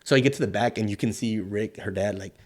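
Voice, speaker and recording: On an interview show, a middle-aged wrestler from South Texas rattles off stories quickly in a fairly low voice. Animated and foul-mouthed, he acts out quoted voices as he goes.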